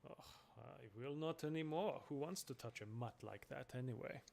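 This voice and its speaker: A man's voice: medium pitch, moderate pace, gravelly, a little mellow, natural voice. A man voicing a pompous, vain male adventurer who talks in a flowery, condescending way. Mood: haughty.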